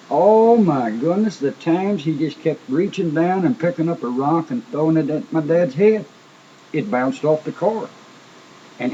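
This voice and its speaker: A man's voice: fairly high pitch, a little mellow. A man telling a testimony in an emphatic, folksy sermon style, often repeating words. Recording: dull lo-fi recording with faint noise.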